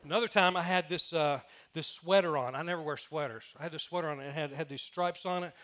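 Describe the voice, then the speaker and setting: A pastor preaches a sermon, telling funny personal stories and acting out what people said. His voice is fairly high and a bit bright, and he talks at a quick pace.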